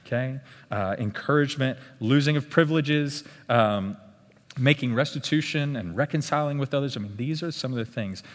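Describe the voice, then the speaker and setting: A man giving a conversational live talk at a church parenting workshop, often checking in with his listeners with a quick "okay?". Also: medium pitch. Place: meeting room with tables. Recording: long hall reverb in a big room.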